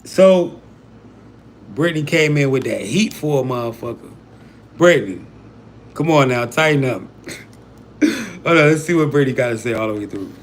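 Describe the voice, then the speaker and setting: A man's voice: mid-range voice, lively intonation, normal speed, pauses often, slight background noise. A man giving a casual, profane live-stream lesson, blunt and slangy, full of rhetorical questions. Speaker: self-styled spiritual teacher on a live stream.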